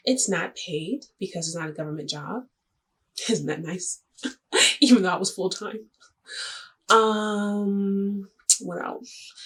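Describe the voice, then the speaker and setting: A young woman with a husky, slightly low voice tells a personal story straight to the camera. Her delivery is chatty and a little dramatic, with jokey asides and quick shifts. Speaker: vlogger.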